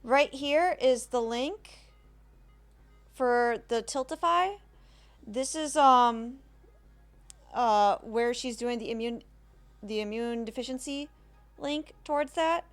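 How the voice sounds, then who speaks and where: A woman streamer giving reaction commentary, halting and emotional, with many restarts and apologies. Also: on the high side, faint music behind.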